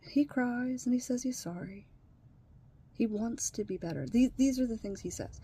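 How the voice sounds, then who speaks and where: A woman recording a personal video diary while distressed and tearful, dropping to hushed whispers and then rising into swearing outbursts. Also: a little high, moderate pace, husky. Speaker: vlogger.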